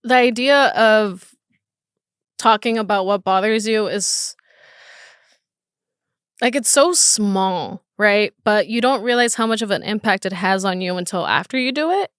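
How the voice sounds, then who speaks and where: A woman's voice: mid-range voice, unhurried, long pauses, a bit bright, clean tone, dry recording, clean studio sound. Candid, nervous young woman hosting a podcast. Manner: candid, nervous and emotional, swears freely. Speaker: podcast host. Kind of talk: casual solo podcast monologue.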